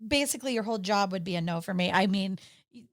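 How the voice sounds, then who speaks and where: A woman co-hosting a podcast in casual chat, reacting with drawn-out exclamations. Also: medium pitch, lively intonation.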